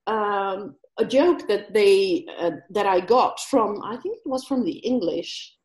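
A woman guest telling a story in a casual interview, animated, laughing often and mimicking accents. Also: medium pitch, measured pace, echoey room. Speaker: guest speaker.

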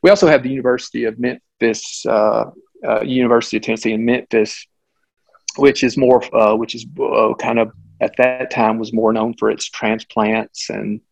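A middle-aged man, a physician, tells a case story in a conversational, animated way, with frequent restarts and asides. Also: medium pitch, normal speed, creaky, rough recording. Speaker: physician guest.

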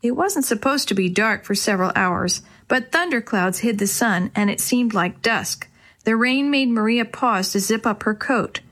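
A woman narrating a children's storybook chapter in a clear, expressive way. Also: fairly high pitch, normal speed. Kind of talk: storybook reading.

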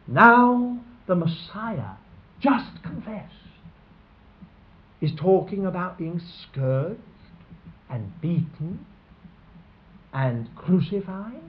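Earnest male preacher on a tinny recording. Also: on the high side. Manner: earnest, emphatic preaching with rising exclamations. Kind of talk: sermon.

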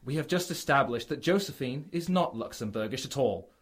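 A man playing a calm, self-assured amateur detective in a comedy radio drama, explaining his deductions. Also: medium pitch, fairly quick, slightly rough. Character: smug amateur sleuth man.

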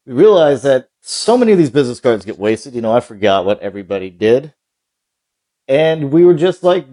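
A man from California, a guest on a podcast, explaining things in a relaxed, easygoing way. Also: medium pitch, a little fast. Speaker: guest, business founder. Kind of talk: casual interview chat.

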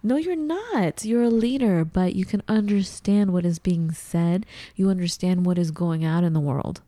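Low, mellow-voiced woman chatting. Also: normal speed, no room sound. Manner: animated, acts out her own confused reactions in a high voice. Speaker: podcast co-host. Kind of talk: casual chat.

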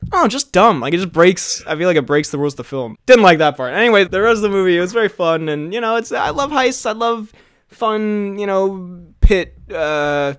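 A young man with a somewhat high voice chats on a podcast. He rants animatedly about his opinions and giggles between points. The talk is loose and informal. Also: animated, a little fast, fairly bright tone, clear, resonant tone. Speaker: podcast co-host. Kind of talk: casual chat.

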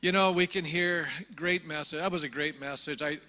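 A man, the church's pastor, giving closing remarks in a church in an informal, slightly halting way. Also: fairly high pitch, fairly even intonation, bright, forceful tone. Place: church sanctuary.

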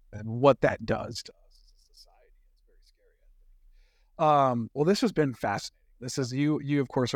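A man's voice: mid-range voice, dry recording, studio quality. A man hosting a podcast interview, friendly and enthusiastic, often restarting his sentences. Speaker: podcast host.

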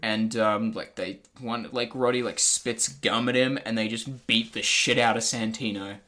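A man's voice: fairly low pitch, fairly even intonation, moderate pace, bright, forceful tone. A young man co-hosting a wrestling review podcast, talking in a loose, rambling way and swearing freely. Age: young adult. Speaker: podcast co-host. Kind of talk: casual wrestling review chat.

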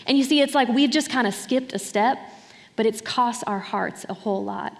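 A woman's voice: a little high, moderate pace, vocal fry. A woman preaching a sermon in a conversational way, often checking in with her listeners. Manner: conversational, often asks "right?". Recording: hall reverb.

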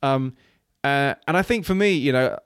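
A man's voice: medium pitch, animated, normal speed, clean tone, dry recording, clean studio sound. A man from Wales, a guest on an interview, talking earnestly and rambling with many restarts and fillers. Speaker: guest, children's ministry leader. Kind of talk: casual interview talk.

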